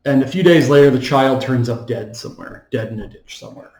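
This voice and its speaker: A man's voice: mid-range voice, a little fast, darkish tone, reverberant, low-quality recording. A man lecturing on philosophy, hesitant, with many ums and restarts as he walks through an argument. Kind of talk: recorded lecture.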